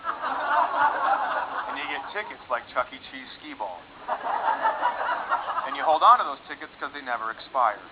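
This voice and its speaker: A man doing a stand-up comedy set on a club stage, deadpan and sarcastic, switching into put-on voices for the people in his jokes. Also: mid-range voice, measured pace, pauses often, heavy background noise. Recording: lo-fi recording with loud audience laughter. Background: audience laughing.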